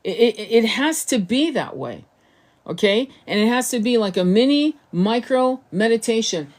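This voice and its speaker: A woman with a medium-pitched, slightly mellow voice speaks to her viewers as a spiritual coach and tarot reader. Her casual teaching monologue is earnest and rambling, and she often repeats words as she restarts sentences.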